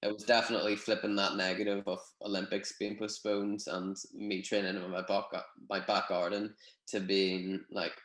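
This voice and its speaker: A young man from Northern Ireland with a Northern Irish accent, chatting in a relaxed, rambling way with many fillers on a video call. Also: on the low side, normal speed, echoey room, poor audio. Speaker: guest, gymnast. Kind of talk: casual interview over video call.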